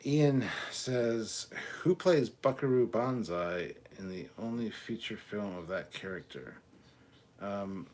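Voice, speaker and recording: Casting note: fairly low male host, casual livestream chat, reads comments and answers offhand, faint hiss behind. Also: darkish tone. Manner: reads viewer comments aloud, then answers offhand with swearing.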